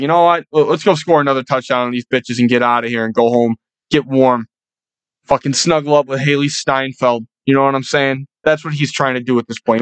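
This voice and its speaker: A man in his twenties hosting a sports podcast, ranting as an excited fan and swearing constantly. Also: dry recording, rough recording. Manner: swears constantly, gets louder and higher when hyped. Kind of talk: profane, excitable fan rant.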